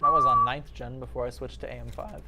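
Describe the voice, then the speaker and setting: A man's voice: medium pitch, huge pitch swings, fast, dull audio, heavy background noise. A man hosting a PC build livestream, explaining hardware in a laid-back, casual way, with faint music underneath. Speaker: PC build stream host.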